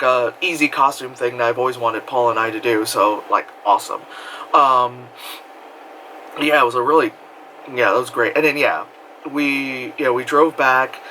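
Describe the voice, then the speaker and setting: Bright-voiced New York man vlogging. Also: mid-range voice, a little hiss or hum, low-quality recording. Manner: animated, profane, laughs often. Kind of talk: casual storytelling vlog.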